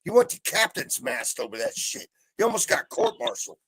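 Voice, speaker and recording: A middle-aged man on a live video call, venting in a heavily profane rant that swings between calm and yelling. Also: high-pitched, brisk, gravelly, breathy edge, no echo. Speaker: panel guest. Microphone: video call mic.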